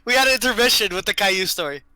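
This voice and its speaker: A man hosting a casual live-stream chat, telling stories in a lively way and switching between Portuguese and English. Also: sits high, racing, smooth, poor audio. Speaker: podcast host.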